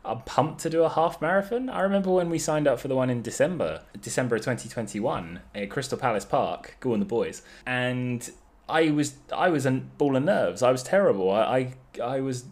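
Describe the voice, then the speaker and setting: A man's voice: mid-range voice, expressive, brisk. A young man, a guest on a casual podcast, joking and self-mocking as he talks.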